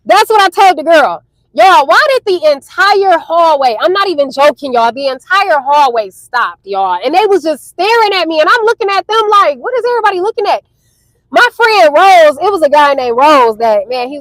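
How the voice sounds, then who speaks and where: A young woman telling a high school story to her viewers in a chatty, animated way. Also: no echo, poor audio. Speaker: storytime vlogger.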